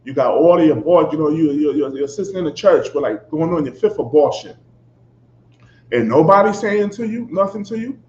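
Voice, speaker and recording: A male preacher with a fairly high voice delivers a fiery, confrontational sermon, hammering points home and constantly asking whether his listeners understand. His loud outbursts give way to low asides. The room is echoey, and the recording sounds dull, with faint ambience behind. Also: lively intonation, fairly quick, slight background noise. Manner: emphatic, constantly asks "you understand?".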